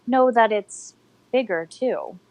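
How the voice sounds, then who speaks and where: A woman's voice: fairly high pitch, takes it slowly, darkish tone, dry recording, poor audio. A young woman co-hosting a podcast, talking in a musing, loose way full of "like" and "I mean.". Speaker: podcast co-host. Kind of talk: casual chat.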